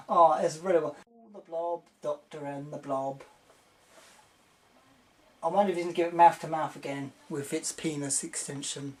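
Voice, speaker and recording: A young man giving a casual video review, excitable and rambling, often mimicking the characters. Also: a little high, moderate pace, slight background noise.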